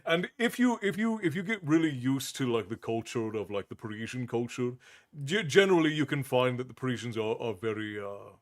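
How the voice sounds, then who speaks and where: A man's voice: medium pitch, expressive, fairly quick. A man hosting a livestream, chatting casually with viewers in a rambling way, full of restarts and chuckles. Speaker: livestream host.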